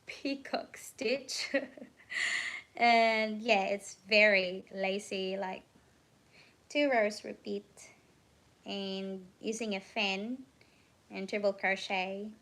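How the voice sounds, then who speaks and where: A woman chatting casually on a crochet livestream, unhurried and a little drowsy, often pausing with ums to search for the right words. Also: mid-range voice, fairly bright tone.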